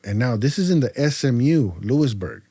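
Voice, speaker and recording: A man from California's Central Valley tells his story as a podcast guest, with a mellow, relaxed tone. He talks in a loose, slangy way and acts out the dialogue with plenty of fillers. The sound is close and dry. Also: medium pitch, a little fast, slightly rough, dry recording. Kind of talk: casual storytelling interview.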